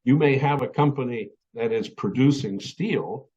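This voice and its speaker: A middle-aged man giving a webinar talk to students, halting, with many fillers and restarts. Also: medium pitch, darkish tone, highs cut off. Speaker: webinar speaker.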